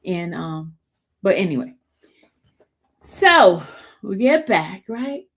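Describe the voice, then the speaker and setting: A woman hosts a casual live stream and talks straight to her viewers. She tells the story in a chatty, animated way and keeps calling them y'all. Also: medium pitch, slow, breathy edge. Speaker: show host recapping a trial.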